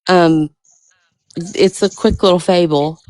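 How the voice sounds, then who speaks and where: A woman's voice: lowish voice, fairly even intonation, slow, darkish tone, dry recording. A woman calling into a talk show, subdued and hesitant, telling a short fable. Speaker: caller. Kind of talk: call-in storytelling.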